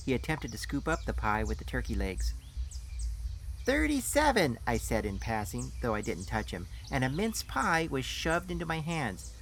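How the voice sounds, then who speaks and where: A man's voice: mid-range voice, lively intonation, normal speed, hardly any pauses, a bit bright, a little hiss or hum. A man narrating a story in the first person in a dry storytelling manner. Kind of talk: scripted audiobook narration.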